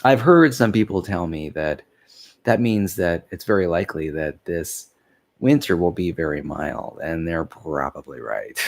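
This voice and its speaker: A vlogger with a deep, gravelly voice speaks a little slowly with lively intonation. Sounding tired and sleepy, he rambles in a meandering way, yawns, loses his thread and laughs softly at himself.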